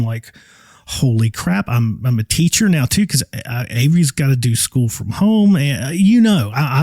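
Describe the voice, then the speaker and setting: A man's voice: a little high, dark tone, no echo. A man hosting a casual solo podcast, talking in a folksy, enthusiastic, rambling way from home. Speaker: podcast host.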